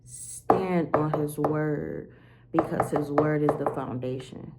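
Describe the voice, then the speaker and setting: Slow and low-sitting, this woman's voice comes through a very noisy recording. As a vlogger, she delivers a candid, rambling diary-style monologue to the camera, full of "like" and casual profanity.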